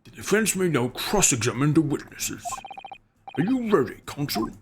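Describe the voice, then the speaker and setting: A man's voice: fairly high pitch, sing-song, normal speed, noisy background. A man reading as a formal court judge. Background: game music.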